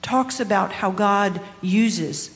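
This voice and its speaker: A woman pastor co-hosting a live podcast, explaining scripture in an earnest, measured way. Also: medium pitch. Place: large hall with a live audience. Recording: hall reverb.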